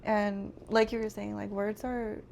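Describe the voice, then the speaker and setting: A young woman talks as a podcast guest, slowly and haltingly, with a soft gravelly fry in her voice. A faint hum of ambience runs behind her. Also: mid-range voice, level tone. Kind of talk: casual chat.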